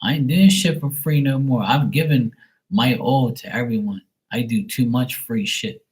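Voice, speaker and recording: A man's voice: mid-range voice, moderate pace, a little mellow, rough recording. A man chatting casually on a live tarot stream, blunt and swearing freely. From Bermuda.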